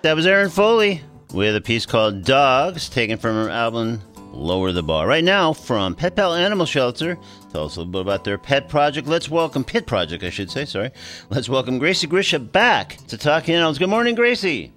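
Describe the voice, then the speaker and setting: Male radio host, relaxed and easygoing, links segments over faint music. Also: mid-range voice, fairly quick. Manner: easygoing, frequent fillers. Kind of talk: radio interview and show links.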